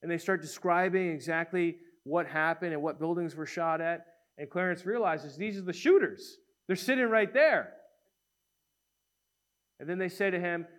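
In his sermon, this preacher brings a story to life by performing each character's voice with animation. He talks at an ordinary pace in a fairly high pitch.

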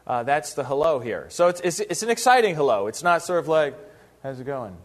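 A man teaching a Bible passage verse by verse in a casual, conversational way, lively, with rhetorical questions and little acted-out asides. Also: on the high side, brisk.

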